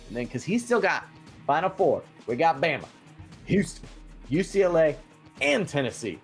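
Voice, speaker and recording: A man's voice: high voice, soft background music. A man co-hosting a bracket pool recap, joking around in casual sports banter. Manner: animated, jokey, quick asides.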